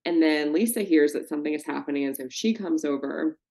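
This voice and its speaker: Woman, podcast co-host, casual recap, profane, animated, lowish voice. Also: a little fast. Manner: animated, profane, mimics people she talks about.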